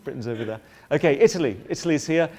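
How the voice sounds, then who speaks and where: A middle-aged man giving a public lecture, polemical and lively, often breaking off into asides and restarts. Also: fairly high pitch, racing. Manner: animated, polemical, self-interrupting with asides.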